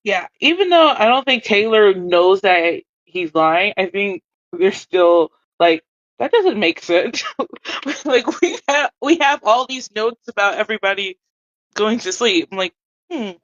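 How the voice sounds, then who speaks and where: A woman's voice: mid-range voice, expressive, measured pace, no room sound. A woman playing a tabletop game who muses aloud in a hesitant, casual way. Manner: musing, hesitant. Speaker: player. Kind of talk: casual tabletop role-play chat. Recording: dull dry sound.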